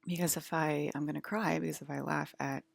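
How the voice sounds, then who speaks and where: A woman talks to her viewers in a low, gravelly voice, halting and shaken. She sounds unsettled and queasy, with many pauses and restarts. The sound is dry, with no room around it. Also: steady tone, dry recording. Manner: hesitant, halting, shaky and upset. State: shaky and nauseous. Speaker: vlogger. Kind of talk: casual talk to camera.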